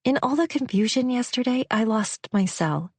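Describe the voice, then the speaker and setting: A woman's voice: fairly high pitch, expressive, moderate pace, slightly rough, no echo, voice pushed up. A woman voicing a polite, earnest young woman who speaks shyly. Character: young woman, polite, shy, runaway bride.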